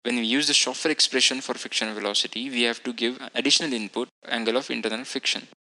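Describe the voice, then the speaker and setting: A man narrating a technical software lecture, explaining each model setting in a methodical way and now and then correcting himself. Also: mid-range voice, fairly even intonation, quick pace, low-quality recording. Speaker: instructor.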